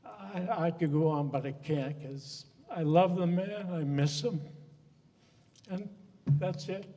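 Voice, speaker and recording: A man giving a funeral eulogy, speaking haltingly and with emotion as his words trail off. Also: fairly high pitch, warm tone. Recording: long hall reverb.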